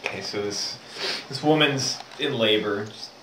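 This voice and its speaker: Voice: mid-range voice, unhurried. A speaker telling a long joke aloud in a classroom, rambling with many fillers. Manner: rambling with many fillers, building to gleeful excitement. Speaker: joke teller. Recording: roomy, distant, noisy room recording.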